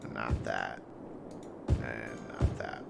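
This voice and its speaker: A man's voice: rumbling low, steady tone, takes it slowly, gravelly, over loud music. A man streaming a city-building game, joking and rambling as he thinks aloud. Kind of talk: casual gameplay commentary.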